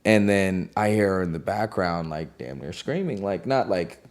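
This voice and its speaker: A man's voice: sits low, lively intonation, moderate pace. A man, a music producer, telling a studio story in a loose, slangy way, heavy on "like". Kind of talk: casual storytelling.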